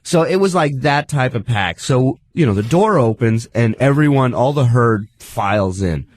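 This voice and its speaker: A man's voice: mid-range voice, expressive, normal speed, a little mellow. A man, a radio co-host and comic, telling a story in casual banter and swearing freely. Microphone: studio microphone.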